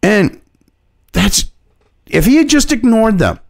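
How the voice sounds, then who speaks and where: A man's voice: high voice, big pitch swings, slow pace, no room sound, clean studio sound. A man ranting as an online commentator, heated and mocking, swearing constantly. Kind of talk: profane opinion rant.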